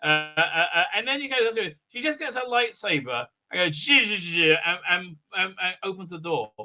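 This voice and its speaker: A man's voice: high voice, animated, moderate pace, bright, forceful tone, faint music behind. A man hosting a livestream, recapping a show in a rambling, mocking way, with many filler sounds and mouth sound effects. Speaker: livestream host. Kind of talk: casual ranting show recap.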